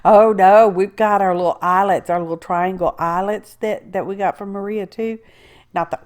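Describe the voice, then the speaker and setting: A woman's voice: mid-range voice, steady tone, normal speed, darkish tone. A woman, chatting her way through a crafting tutorial, rambling with asides and talking to herself as she works. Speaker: craft video host. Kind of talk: casual crafting tutorial narration.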